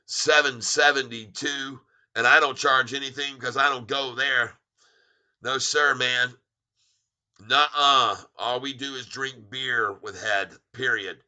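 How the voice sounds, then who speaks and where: A middle-aged man hosting a live stock market stream, calling out share counts and prices in an excited, rapid patter. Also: medium pitch. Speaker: stock market livestream host. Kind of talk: live stock-ticker commentary.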